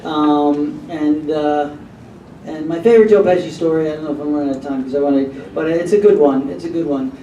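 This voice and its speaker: A man with a high, mellow voice tells a rambling anecdote at a convention panel and slips into the voices of the people in it. The sound is roomy and distant, as if from a mic across a hall, with a faint hum behind him. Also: steady tone, a little fast, dull audio. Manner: rambling storyteller who acts out quotes. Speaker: panel guest.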